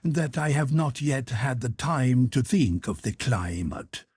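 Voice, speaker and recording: A flattering, affected gentleman in an audiobook, read by a man narrating. He talks in a sugary, showy way, with a husky, breathy tone. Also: medium pitch, a little slow, no room sound, clean studio sound.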